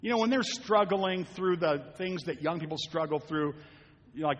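This is an older man, a grandfather who pastors a church, preaching from the sanctuary at a moderate pace with a fairly high pitch and a long reverb tail. Folksy storytelling alternates with fervent appeals to his congregation as his conversational preaching climbs into fervent exhortation.

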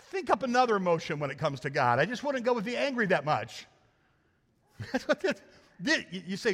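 A male pastor with a fairly high voice preaches in a church, loose and conversational. He jokes and keeps asking the congregation rhetorical questions. A long reverb from the sanctuary trails after his words. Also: big pitch swings, fairly quick, a bit bright. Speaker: lead pastor. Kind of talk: sermon.

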